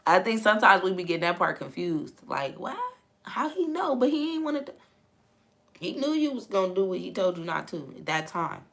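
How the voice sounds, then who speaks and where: Gravelly chatty woman reading scripture to viewers. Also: medium pitch, very animated, normal speed, a bit bright. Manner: laughing, chatty, reads viewer comments aloud. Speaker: livestream host reading the Bible. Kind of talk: casual live chat with viewers.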